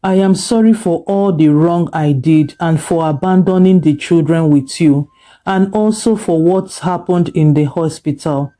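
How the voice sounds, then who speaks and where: A remorseful mother begging forgiveness, as a storyteller puts her on. The voice stays dark and mellow, the pleading slow and drawn out. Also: mid-range voice, close to an everyday voice.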